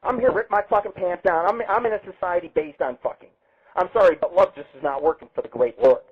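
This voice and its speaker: A brash, boastful man hosts a rambling live internet radio show, cursing freely as he goes. His voice sits a little high and comes through husky. The sound is thin and tinny, like it's passing over a phone line. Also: fast. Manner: brash, boastful and heavily profane. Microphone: webcam setup.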